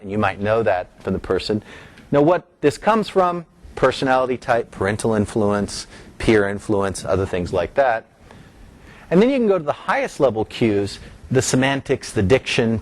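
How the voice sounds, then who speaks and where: Man, lecturer, lowish voice, explanatory, pushes up on key terms. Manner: explanatory, rising emphasis on key terms, some restarts. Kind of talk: academic lecture.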